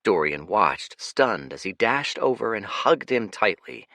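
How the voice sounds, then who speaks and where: A male audiobook narrator with a low, bright voice tells the story expressively. His pitch ranges widely and his pace is slow and deliberate, recorded dry and close. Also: big pitch swings, creaky, no echo. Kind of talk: scripted narration.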